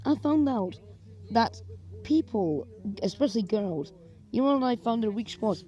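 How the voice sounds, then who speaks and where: Young Scottish vlogger, slightly high voice, comic storytelling with quick switches into silly voices. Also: expressive, warm tone, dull audio. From Scotland. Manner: jumps between narration and exaggerated character voices. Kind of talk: comedic storytelling with acted skits.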